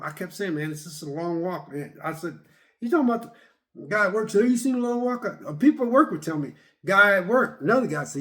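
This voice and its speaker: A middle-aged man in a casual vlog, excitedly retelling a movie's scenes and acting out the characters' lines. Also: a little high. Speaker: vlogger reviewing a movie.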